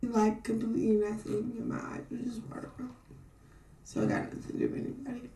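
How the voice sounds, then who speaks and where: A young woman answering interview questions quietly and curtly, guarded. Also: a little high, little pitch movement, quick pace, far from the mic. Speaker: podcast guest. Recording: echoey studio, faint noise.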